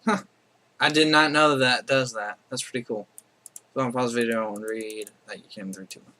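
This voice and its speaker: A man's voice: medium pitch, a little fast, sharp tone, a little hiss or hum. A man casually commenting on his strategy game playthrough, rambling and correcting himself with chatty asides. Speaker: let's play host.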